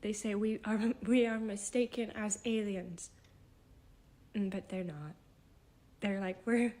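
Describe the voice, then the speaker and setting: Woman, psychic vlogger, emotional and tearful, halting breathy delivery, mid-pitched. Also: fairly even intonation, darkish tone. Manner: shaky, halting, half-whispered. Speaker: self-described psychic. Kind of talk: emotional spiritual vlog.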